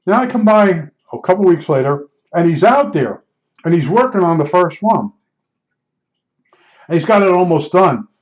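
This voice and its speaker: A man with a somewhat high voice tells a casual anecdote, looping back and restarting his sentences as he goes. The recording sounds a little dull and lo-fi. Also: lively intonation, moderate pace, pauses often. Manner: rambling, with frequent restarts and fillers.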